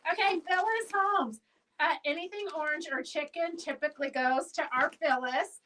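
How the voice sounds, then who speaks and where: A woman's voice: high-pitched, normal speed, pushed and bright, far from the mic, slight background noise, poor audio. A woman who owns a fabric shop hosts a live sale stream, chatting in a rambling way and calling out auction winners by name.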